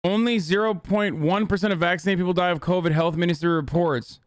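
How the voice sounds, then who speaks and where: A male streamer reacting live in casual, sarcastic banter, full of swearing. His voice sits high for a man and sounds smooth and resonant. The sound is dry and close on the mic. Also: steady tone, dry recording. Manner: profane, sarcastic, rapid-fire.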